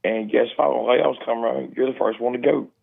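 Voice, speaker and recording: A man with a Southern accent calling in, mumbling and talking fast in casual chat. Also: medium pitch, steady tone, vocal fry, husky. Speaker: caller. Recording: tinny phone line.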